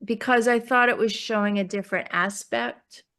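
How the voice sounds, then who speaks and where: A woman poet with a New York accent, talking casually about her book in an interview, often pausing and restarting as she searches for words. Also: a little high, fairly even intonation, fairly bright tone.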